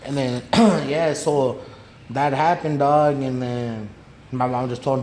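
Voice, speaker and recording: A podcast guest tells a story in casual, slangy, profane chat, acting out the voices of the people involved with quoted dialogue. His voice is medium-pitched and darkish, with fairly even intonation at a normal speed. The room is echoey with faint background noise.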